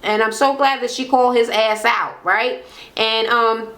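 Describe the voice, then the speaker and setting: A woman's voice: on the high side, steady tone, unhurried, a bit bright. A woman in casual chat recapping a reality show, blunt and profane, gossiping and acting out what people said.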